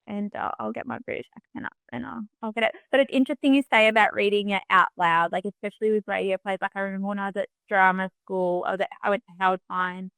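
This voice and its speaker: A young woman co-hosting a podcast, animated and quick to jump in. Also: medium pitch, gravelly, clear, resonant tone, no room sound. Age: young adult. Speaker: podcast co-host. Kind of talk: casual chat.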